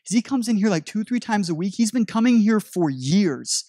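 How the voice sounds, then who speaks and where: A woman's voice: mid-range voice, expressive, normal speed, warm tone, no echo, studio quality, voice pushed up, close to an everyday voice. A man retelling the words of a puzzled, apologetic female store clerk in his own voice.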